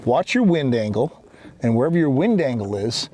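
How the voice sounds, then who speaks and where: A man's voice: medium pitch, very animated, normal speed, warm tone, a little hiss or hum. A man hosting a fishing show from a boat, folksy and enthusiastic, talking to viewers as folks. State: out of breath after lifting fish. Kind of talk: outdoor fishing show banter. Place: on a boat out on a lake.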